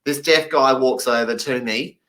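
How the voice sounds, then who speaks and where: A man voicing a deaf comedian's stand-up story, animated and acting out the people he quotes. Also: mid-range voice, measured pace, rough recording.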